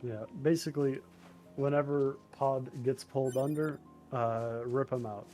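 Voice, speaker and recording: A man's voice: medium pitch, fairly even intonation, unhurried, warm tone, soft background music. A man chatting on a gaming stream, explaining things and laughing often. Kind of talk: casual gaming stream chat.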